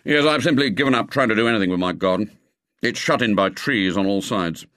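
A man reading aloud and voicing a thick-set, curt middle-aged man who talks briskly. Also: lowish voice, fairly bright tone, dry recording, clean studio sound, natural voice. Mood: offhand.

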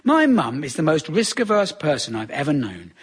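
British man, stand-up comedian, sardonic, husky, fairly high voice. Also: sing-song, moderate pace. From Britain. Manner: wry, sardonic, conversational.

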